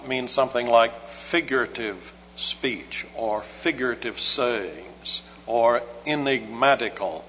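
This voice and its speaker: A man preaching an expository sermon in a measured, scholarly way with dry humor. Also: mid-range voice, fairly bright tone. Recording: muffled hall recording with hum.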